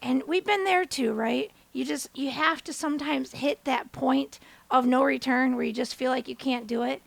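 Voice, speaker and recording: A woman in her thirties hosting a podcast, telling a personal story as a motivational monologue and acting out the quotes with big jumps in pitch. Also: moderate pace, vocal fry, dry recording. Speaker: podcast host.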